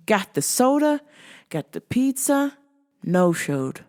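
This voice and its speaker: A woman hosting her own show, ranting in a casual, animated and exasperated way, swearing freely. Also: fairly low pitch, a little slow. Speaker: show host.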